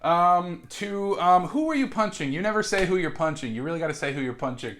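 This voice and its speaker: A man's voice: high-pitched, lively intonation, a little fast, a bit bright, a little hiss or hum. A man acting as game master in a comedic solo tabletop role-play, hesitant and full of fillers and restarts.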